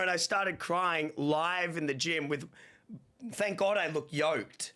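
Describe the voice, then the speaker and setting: A man's voice: fairly high pitch, a little slow. A man, chatting casually and telling rambling stories on a livestream with lots of slang. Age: 30s. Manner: rambling, animated storytelling with playful slang. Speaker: streamer.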